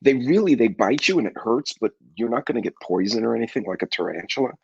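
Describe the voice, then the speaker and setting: Husky, congested middle-aged man chatting live. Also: mid-range voice, animated, quick pace, no echo, muffled recording. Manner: rambling, folksy storytelling with throat clearing. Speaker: livestream host. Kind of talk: casual live chat with viewers.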